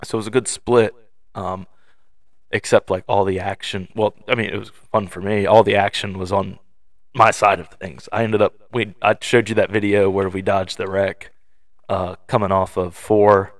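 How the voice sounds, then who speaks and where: Casting: young male podcast co-host, lower-pitched, rambling storyteller, dry studio sound. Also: level tone, moderate pace, no echo. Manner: storytelling, acting out quoted voices; loose, filler-heavy delivery. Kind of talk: casual chat.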